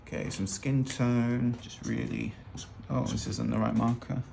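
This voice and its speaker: A man's voice: medium pitch, steady tone, unhurried, creaky, warm tone, a little hiss or hum. A man teaching fashion illustration in a loose, chatty, self-deprecating way while he draws. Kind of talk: casual drawing tutorial narration. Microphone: hands-only overhead camera.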